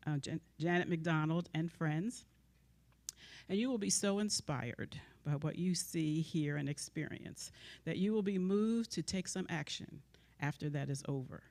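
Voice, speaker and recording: A woman's voice: sits low, a little slow, a little mellow. An older woman making a church announcement, slightly out of breath. She is chatty and jokes about herself. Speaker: care circle member making an announcement. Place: church service.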